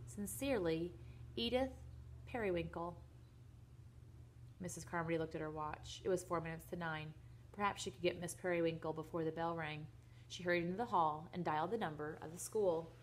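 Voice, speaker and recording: A woman reading a children's book aloud, with gentle asides to her listeners. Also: sits low, fairly even intonation, quick pace, slight background noise. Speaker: reader.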